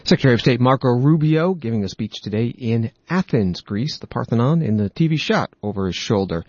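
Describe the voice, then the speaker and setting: A man hosting a news program, reading reports and quotes in a steady, matter-of-fact way. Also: mid-range voice, fairly quick, dry recording, lo-fi sound. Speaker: news podcast host.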